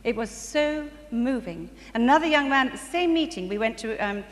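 At a church conference, a woman tells testimony stories in a sermon style, her voice on the high side. She is animated, laughs often, and rises into bursts of excitement. The recording is distant and reverberant, with faint ambient noise from the hall.

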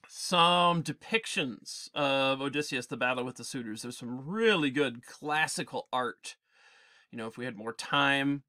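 A male teacher giving an animated, digressive literature lecture in class, with frequent restarts. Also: mid-range voice. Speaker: English teacher.

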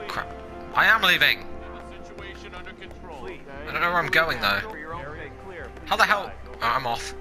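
A man with an Australian accent giving joking, excitable let's-play commentary, breaking into shouts and laughter. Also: a little high, moderate pace, long pauses, faint music behind. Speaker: gaming YouTuber.

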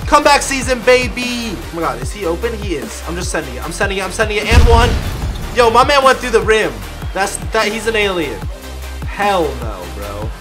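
A young man commentating his own basketball video game play, excitable and yelling at his players, then dropping to a mutter. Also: high-pitched, a little fast, over music. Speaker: gaming video creator. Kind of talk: live gameplay commentary.

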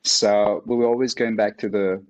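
Deep low guy w/ french accent, from mauritius, martial arts coach chatting on a podcast, lots of ums and laughs. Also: steady tone, normal speed, low-quality recording. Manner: laughs often, hesitant with many fillers. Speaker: martial arts instructor, guest. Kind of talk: casual interview conversation.

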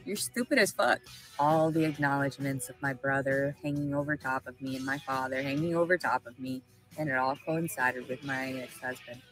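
A woman's voice: very deep voice, moderate pace, fairly bright tone, faint music behind, low-quality recording. A woman with a Southern American accent, rambling emotionally and swearing through a livestream monologue. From Arkansas, USA.

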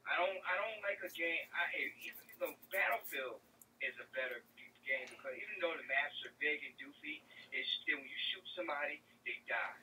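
A young man in a loud, profane comedic rant about a video game, repeating himself and swearing. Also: on the high side, lively intonation, a little fast, distant mic, a little hiss or hum, rough recording. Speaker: gamer ranting to camera.

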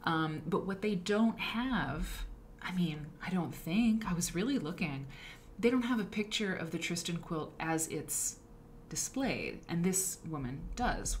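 A woman's voice: on the low side, a little hiss or hum. A woman hosting a live stream, chatting casually and rambling with frequent asides and self-corrections. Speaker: livestream show host. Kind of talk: casual live-stream talk about quilt history.

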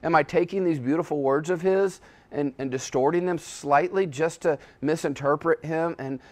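Male pastor, sermon, fairly high voice, animated, hushed then forceful, repeats himself. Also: moderate pace. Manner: animated, shifts between hushed and loud emphatic delivery; frequent self-restarts and repetitions.

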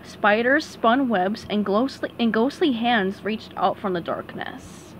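A woman reading a children's storybook aloud with animated, expressive narration. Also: on the high side, a little slow, slight background noise. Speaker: storybook reader.

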